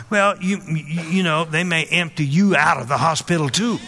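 A man delivers a sermon in a slightly higher, bright and forceful voice. He tells stories from his own life, often restarting words and breaking in to urge the listener to pay attention. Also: moderate pace. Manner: storytelling, repeats words, emphatic asides. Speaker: preacher.

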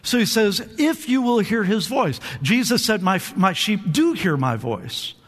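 Preaching a little slowly, a man with a high, bright voice leads a lively sermon as pastor, his words echoing through a large church hall. He keeps the congregation responding and pushes on with energy. Repeated words and restarts are frequent.

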